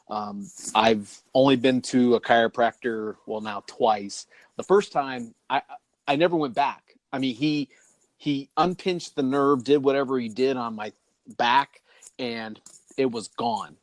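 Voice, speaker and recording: A man's voice: medium pitch, no room sound. A man co-hosting a podcast in casual chat, rambling and laughing often as he talks. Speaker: podcast co-host.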